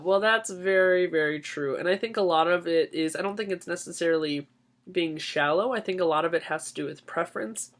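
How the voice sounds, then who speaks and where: A man's voice: a little high, moderate pace, a bit bright. Candid, sassy drag queen vlogger. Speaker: drag performer giving advice. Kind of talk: casual advice vlog.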